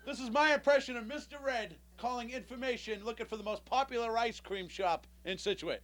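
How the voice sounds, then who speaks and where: High-voiced, upbeat male comedy club host. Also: fairly quick, a bit bright. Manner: upbeat, hyping the crowd. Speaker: show host. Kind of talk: emcee patter between acts. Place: small comedy club or cable access studio. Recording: music behind, local cable taping.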